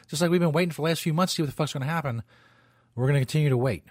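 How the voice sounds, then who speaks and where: A man's voice: fairly high pitch, very fast, a little mellow, no room sound, studio quality. Loose-talking, profane male radio host. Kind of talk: casual talk radio monologue.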